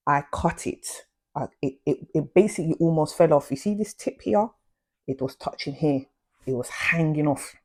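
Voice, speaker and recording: A young woman, talking straight to her viewers in a casual, animated storytime full of slang. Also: low voice, breathy edge. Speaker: vlogger.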